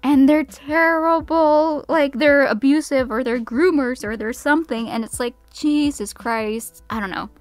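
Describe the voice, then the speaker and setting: A young woman talks straight to her audience in a loose, rambling vlog rant, restarting her sentences as she goes. Her delivery is animated, and her pitch sits in the middle range. Faint background music plays quietly under her voice. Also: no echo. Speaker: YouTuber.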